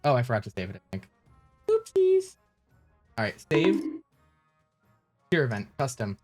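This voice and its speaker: Man, streamer, live-stream chatter, flustered, rambling, mid pitch, faint background music. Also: expressive, fairly quick. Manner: flustered, rambling while fiddling with settings.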